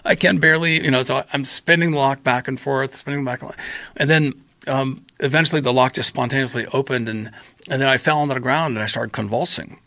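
A man guest on a podcast telling a long story in casual chat, acting out his own past lines with lively quoted voices. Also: medium pitch, a little fast, gravelly, dry recording.

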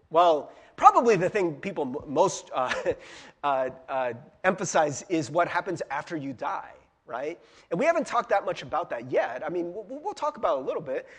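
In a church sanctuary, a pastor with a high, slightly rough voice preaches casually and conversationally, often tossing in "right?" and laughing at himself. He's using a handheld or stand mic.

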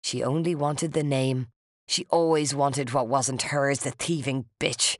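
In an audiobook, a reader voices a resentful older woman, low and quiet with simmering menace that erupts into hisses and furious shouting, full of bitter spite. Her pitch is mid-range with a steady tone, a little slow and close to an everyday voice, recorded dry and close with no room sound.

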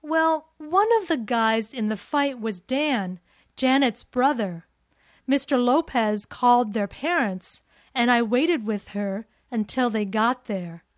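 A defensive teenage daughter. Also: female voice, a little high, slow, no echo, studio quality. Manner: protesting, defensive. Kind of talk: scripted dialogue.

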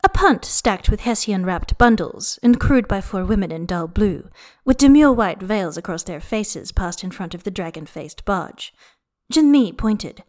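Brief: female audiobook reader, lively melodic delivery, drawn-out dramatic pauses. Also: medium pitch. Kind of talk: scripted narration of fan fiction.

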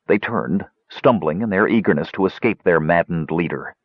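A man narrating a fantasy audiobook in an expressive storytelling manner. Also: low-pitched, moderate pace, no echo, muffled recording.

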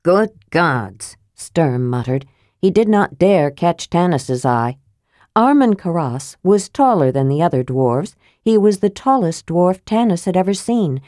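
A woman narrating a fantasy audiobook in a steady, measured reading voice, close to the mic. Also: fairly low pitch, no room sound.

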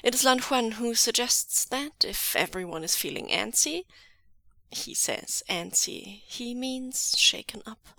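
A woman reading fan fiction aloud in a soft, measured voice that often drops to a half-whisper, close to the mic. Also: a little high, lively intonation, no echo. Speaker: podfic reader.

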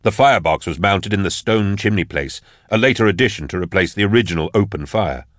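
A man narrating a dark fantasy story with measured, dramatic delivery. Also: lowish voice, no echo, clean studio sound. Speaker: audiobook narrator. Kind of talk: scripted narration.

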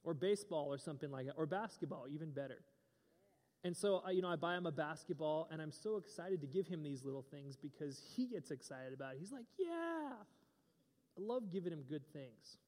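Young male pastor, chatty and joking from the pulpit, a touch high-voiced, long hall echo. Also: mellow. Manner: joking, conversational, playful asides. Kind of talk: casual sermon.

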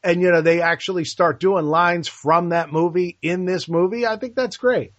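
A man's voice: sits high, normal speed, no room sound. A man co-hosting a podcast in casual film discussion, enthusiastically retelling movie scenes. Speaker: podcast co-host. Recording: dull lo-fi dry sound.

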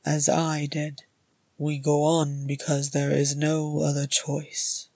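Woman playing a grave dwarf king, low quiet voice, breathy, slow; storybook reading. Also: monotone, no echo, heavily acted.

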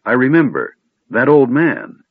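A man's voice: mid-range voice, animated, measured pace, slightly rough, no echo, pitched above the performer's own voice. A man reading an audiobook voices a sturdy male warrior, earnest and severe in his questions, on a tinny phone-like recording. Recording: tinny phone-like band, dry.

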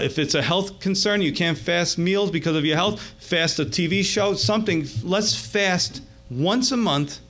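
Conversational man preaching a sermon. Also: on the high side. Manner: conversational, animated, addresses listeners as gang. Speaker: pastor.

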